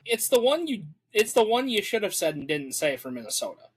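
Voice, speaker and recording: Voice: medium pitch, very animated, fairly quick, slightly rough, rough recording. A podcast co-host running a sports guessing game from home, teasing and drawn out in reactions. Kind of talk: casual chat.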